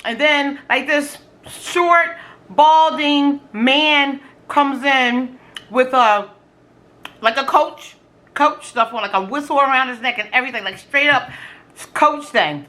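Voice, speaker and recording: A middle-aged woman tells dating stories in a loose, casual vlog while working through a food challenge. Her voice sits high and sounds bright and forceful, full of slang and exclamations as she quotes herself. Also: slow pace. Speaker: vlogger.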